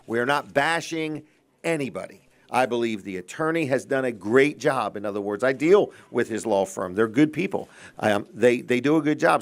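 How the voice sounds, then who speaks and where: A man's voice: mid-range voice, creaky. A middle-aged man hosting a local TV talk show, chatting in a folksy, earnest way with many restarts.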